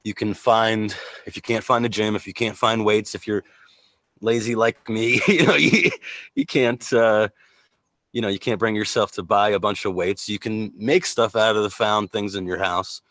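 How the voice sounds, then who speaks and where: A man's voice: fairly low pitch, normal speed, a bit bright, no room sound. A man hosting a casual livestream chat, joking, laughing often and rambling with fillers over a video call. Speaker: host.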